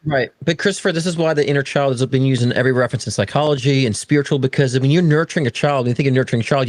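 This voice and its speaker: Male co-host; quick, affirming, explanatory, dry recording. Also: mid-range voice, no echo. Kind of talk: casual spiritual talk show chat.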